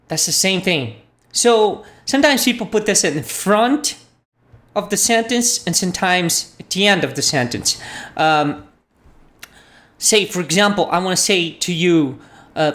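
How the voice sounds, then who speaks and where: A woman's voice: on the low side, lively intonation, unhurried, fairly bright tone. A woman teaching a language lesson, patiently repeating phrases for learners. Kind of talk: slow spoken language lesson.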